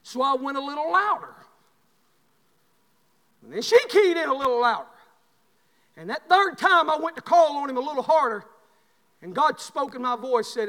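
A man's voice: extremely high pitch, lively intonation, normal speed, a bit bright. A man preaching a fervent Baptist revival sermon in a church. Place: church sanctuary. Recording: long church-hall reverb.

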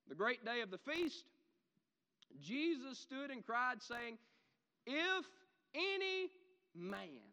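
A man preaching a sermon, animated, swinging from loud shouts to quiet asides. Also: sits high, big-room sound.

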